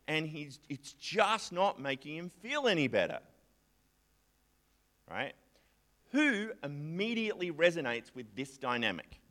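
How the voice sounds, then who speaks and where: A man giving a conversational sermon, chatty and animated, sometimes acting out a distressed psalmist's prayers. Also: fairly high pitch, slow pace. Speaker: preacher.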